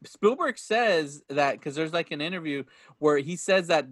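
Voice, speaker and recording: A man's voice: fairly high pitch, animated, moderate pace, no room sound, clean studio sound. A man in his thirties chatting casually about a movie, acting out lines and laughing often. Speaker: podcast co-host. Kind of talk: casual movie review chat.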